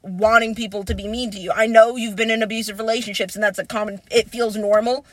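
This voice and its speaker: A young woman in casual chat, telling a story with strong emotion, swearing freely and rising into near-crying shouts. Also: a little high, fairly even intonation, fast talker, no room sound, low-quality recording.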